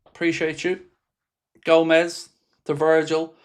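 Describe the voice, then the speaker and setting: A man's voice: a little high, monotone, slow pace, clear, resonant tone. A man hosts a live football watchalong and commentates as the match unfolds. He sounds openly exasperated and swears without holding back. Between calls of the play, he reads out and replies to messages from his viewers. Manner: frustrated, exasperated, swears freely. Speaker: fan channel host.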